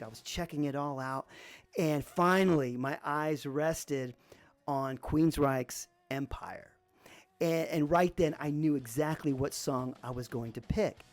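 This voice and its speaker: A man from Arizona hosting a podcast, telling a personal story in a relaxed, rambling way with lots of fillers. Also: a little high. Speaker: podcast host.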